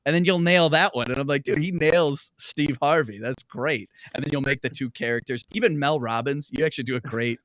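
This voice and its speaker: A man's voice: mid-range voice, a little fast, hardly any pauses, a bit bright, dry recording. A man co-hosting a podcast who chats casually and enthusiastically, praising his guest. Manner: enthusiastic, complimenting. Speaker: podcast co-host.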